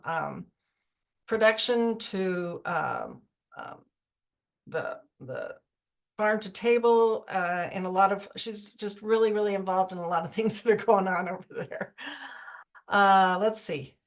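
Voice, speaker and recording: Chatty woman on a video call. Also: medium pitch. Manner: loose and chatty, many fillers. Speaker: agriculture commission member introducing colleagues. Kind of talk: virtual public forum, casual introductions.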